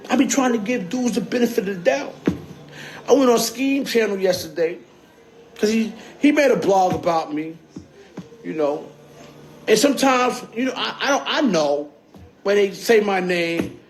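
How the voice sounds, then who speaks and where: Captured from a phone screen recording, this livestream features a male host whose high voice carries a slight hiss or hum. He talks loosely in streetwise slang and keeps tossing in "you heard?"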